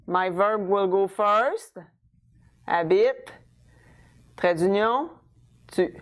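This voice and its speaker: A woman teaching French grammar in English, patiently checking understanding and sounding out French words slowly. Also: medium pitch. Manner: switches between French and English, says words slowly to model them. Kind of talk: explaining a language lesson.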